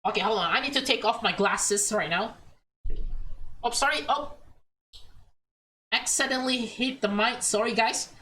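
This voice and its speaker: A woman's voice: on the high side, bright, forceful tone, a little hiss or hum, rough recording. A young woman reading a visual novel aloud and reacting emotionally as she plays. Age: young adult. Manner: emotional, chatty, slow reading. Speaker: let's play streamer.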